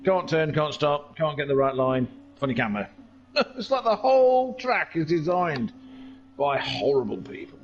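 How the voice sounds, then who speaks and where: A man giving casual, jokey commentary on an online car race, chatty and excitable. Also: fairly high pitch, normal speed, muffled recording, slight background noise. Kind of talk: casual sim racing commentary.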